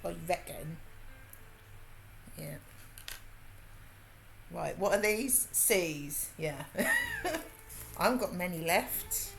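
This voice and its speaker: A woman's voice: fairly low pitch, big pitch swings, very slow, creaky, pauses often, faint music behind. Chatty woman with a Brummie twang. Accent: Birmingham. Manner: chatty, laughing, rambling. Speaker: livestream host. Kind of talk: casual chat while crafting.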